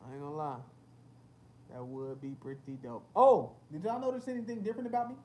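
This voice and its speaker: A young man's slightly high voice moves fairly quickly as he hosts a casual livestream. Between reading chat comments, he launches into animated stories loaded with slang and curse words.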